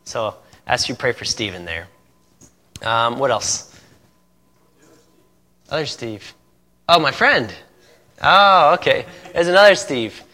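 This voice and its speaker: A man preaching and recounting a testimony with lively energy, his tone bright and forceful. He laughs often and acts out the other voices in his story. His voice rings out with a long echo in a large hall. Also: medium pitch, takes it slowly, pauses often. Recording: echoey hall.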